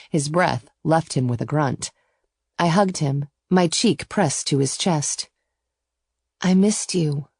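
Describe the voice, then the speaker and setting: A woman narrating a first-person romance audiobook in a steady, intimate storytelling voice. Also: low-pitched, vocal fry, no room sound, studio quality.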